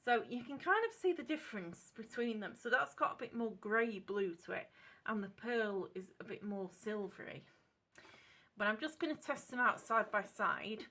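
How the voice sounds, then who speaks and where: A woman with a British accent chatting at her home craft desk while she tests paints. She rambles, corrects herself and drops into soft asides. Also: fairly high pitch, expressive, moderate pace. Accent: British English. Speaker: craft channel host testing paints. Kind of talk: casual craft demonstration chat. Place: home craft desk lit by a clip-on lamp.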